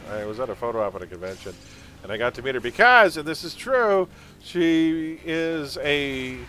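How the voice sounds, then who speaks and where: A man's voice: medium pitch, bright, forceful tone, a little hiss or hum. A man chatting casually while live-streaming a game, laughing often and drifting into pop-culture tangents.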